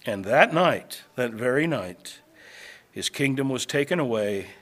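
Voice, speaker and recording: A man preaching a sermon that teaches through scripture, swinging between loud, emphatic lines and quiet, low asides, and slowing down to stress key phrases. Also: animated.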